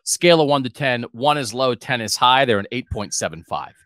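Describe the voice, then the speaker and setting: A man's voice: medium pitch, animated, brisk, a bit bright, no echo, studio quality. A man co-hosting a sports podcast, chatting animatedly and thinking aloud. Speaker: podcast co-host. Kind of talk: casual sports talk podcast.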